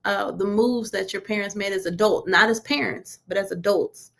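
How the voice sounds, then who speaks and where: A woman delivering a casual, conversational sermon to her congregation. Her voice is deeply gravelly and full of vocal fry, sitting at an ordinary mid pitch. She talks in a loose, colloquial way and keeps putting questions to her listeners. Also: moderate pace. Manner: informal, poses many rhetorical questions to listeners; colloquial, relaxed grammar. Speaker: church leader leading a teaching session.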